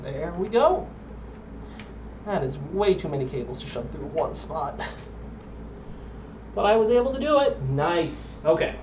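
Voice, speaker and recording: Young male streamer, higher voice, rambling and chatty, dull lo-fi audio with a faint hiss. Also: sing-song, unhurried, pauses often. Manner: rambling, chatty, self-interrupting with ums. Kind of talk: casual live-stream commentary while building a computer.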